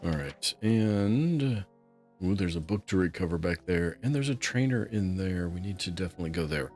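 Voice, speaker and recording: A man hosting a relaxed let's play, chatting and musing aloud as he plays. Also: deep voice, moderate pace, faint music behind. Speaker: gameplay host.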